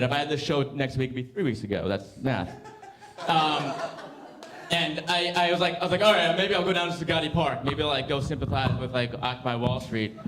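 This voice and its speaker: A young man in his twenties doing a rambling stand-up set on a club stage, halting with fillers and restarts, the crowd laughing behind him. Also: a little high. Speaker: stand-up comedian. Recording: roomy club with crowd noise.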